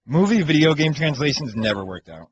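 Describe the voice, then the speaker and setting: A male show regular answering casually, his pitch moving freely through each line. The sound is a little dull, with faint noise behind him. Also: big pitch swings, brisk. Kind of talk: casual chat.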